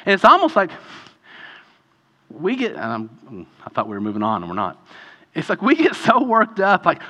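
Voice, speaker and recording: A man preaching a sermon in a conversational, animated way, often acting out quoted voices. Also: high voice, moderate pace, pauses often. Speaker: pastor.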